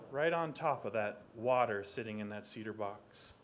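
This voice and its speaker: A young man from southeast Alaska telling a traditional legend aloud, animated, with spoken sound effects. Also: mid-range voice, moderate pace, hardly any pauses, a little hiss or hum. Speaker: storyteller and artist. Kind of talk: oral storytelling.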